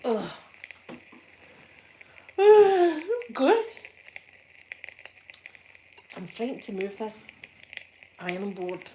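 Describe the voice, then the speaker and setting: Chatty Glaswegian woman, soft spoken. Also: on the high side, very animated, takes it slowly, a little hiss or hum. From Scotland. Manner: chatty storytelling with frequent laughs and soft asides. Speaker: ASMR livestream host. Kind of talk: casual chat.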